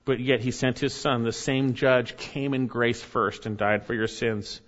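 A man's voice: medium pitch, fairly even intonation, a little slow, a bit bright, highs cut off. Earnest male preacher in a reverberant hall. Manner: earnest preaching with rising emphasis and asides. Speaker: pastor. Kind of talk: sermon.

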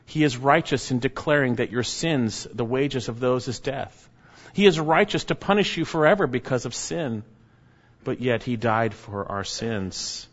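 The sermon comes from a man of medium pitch who is expressive yet deliberate, pressing hard on each phrase and then sinking to a hush. Lo-fi, dull sound carries a long hall echo.

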